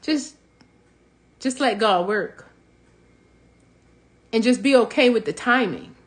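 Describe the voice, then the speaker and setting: High-voiced, animated motivational woman. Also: takes it slowly. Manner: animated, preachy, laughs between points. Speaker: host of a healing talk show. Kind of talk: motivational talk.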